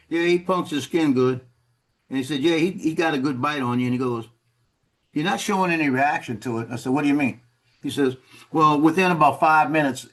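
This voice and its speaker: A man casually telling a story over a video call, rambling and repeating words, laughing at his own tale. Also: mid-range voice.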